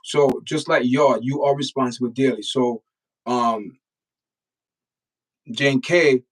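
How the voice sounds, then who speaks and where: Jamaican male host, middle pitch, forceful repetitive stream talk, mic set back a bit. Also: steady tone, slow pace, recorded from a distance, poor audio. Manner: emphatic, repeats words, lectures the chat directly. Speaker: channel host reacting to news and chat. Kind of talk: casual livestream commentary.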